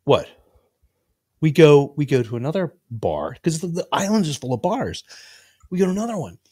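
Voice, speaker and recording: A man's voice: a little high, sing-song, normal speed, warm tone, breathy edge, dry recording, clean studio sound. A man co-hosting a podcast, telling a long, rambling, profane anecdote in casual chat and acting out the quotes. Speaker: podcast co-host. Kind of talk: casual storytelling.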